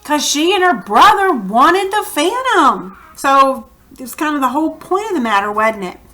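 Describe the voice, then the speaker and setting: A woman's voice: high voice, normal speed. A woman teaching a reading lesson to children and acting out quoted lines. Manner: animated, acts out quoted lines. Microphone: computer mic for recorded lesson.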